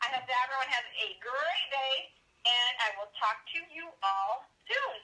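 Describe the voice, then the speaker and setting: A woman's voice: high-pitched, expressive, moderate pace, bright, forceful tone, a little hiss or hum, poor audio. A woman guest speaker delivering a motivational pep talk on a team call, her voice dropping at the ends of phrases. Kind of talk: motivational speech.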